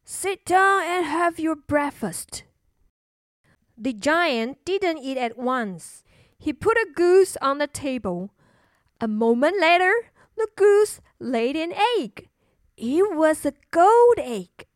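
A woman narrating a children's storybook and teaching English words, clearly and slowly, repeating words for learners. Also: sits high, sing-song, no room sound, studio quality. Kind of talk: bilingual children's story narration and vocabulary lesson.

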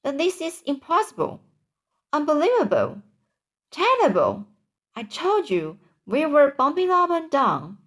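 A woman's voice: medium pitch, measured pace, close to an everyday voice. A woman voicing an anxious, chatty female ladybug. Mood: fretful. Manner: fretful, confiding.

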